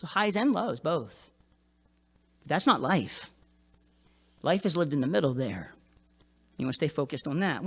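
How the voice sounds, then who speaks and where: A male pastor preaching a sermon in an animated, conversational way, often checking in with "right?". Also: a little high, creaky.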